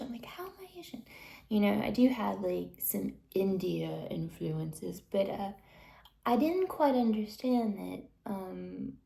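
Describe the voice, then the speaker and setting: A woman with a gravelly, mellow voice rants indignantly to her viewers. She keeps dropping into hushed, whispered asides. Her voice carries a roomy echo. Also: medium pitch. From United States. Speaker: vlogger. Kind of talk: ranting monologue to camera.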